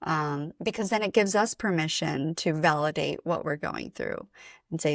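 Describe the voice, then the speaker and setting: A woman working as a spiritual coach, speaking as a podcast guest in a gentle, measured way with frequent pauses. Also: low voice, no echo, clean studio sound. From Atlanta, USA. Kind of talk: reflective interview talk.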